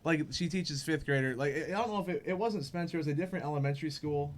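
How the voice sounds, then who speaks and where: A man's voice: fairly high pitch, fast talker, slight background noise. Young man telling a funny story. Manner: animated, laughing, acts out quotes. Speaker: podcast host. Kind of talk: casual storytelling chat.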